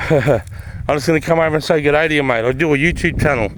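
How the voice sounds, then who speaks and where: A man's voice: a little high, fast, noisy background. A middle-aged man with an Australian accent, a former soldier vlogging in a blunt, swearing, emphatic way and repeating his points. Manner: profane, emphatic, repetitive. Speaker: army veteran vlogger. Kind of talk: casual vlog talk.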